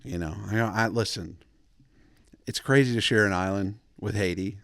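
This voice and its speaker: A man with a fairly low voice talks his way through a loose, rambling comic monologue as host of his own show. He wanders off on tangents, circles back, and chuckles at his own jokes. The sound is dry and close, with no room around it. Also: moderate pace, a bit bright, no echo. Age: adult father of kids. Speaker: podcast host.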